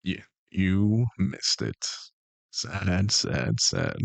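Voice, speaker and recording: A man's voice: on the low side, wildly swooping pitch, takes it slowly, creaky, dry recording. A young man streaming and bantering with his chat, joking and sarcastic. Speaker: streamer and game master.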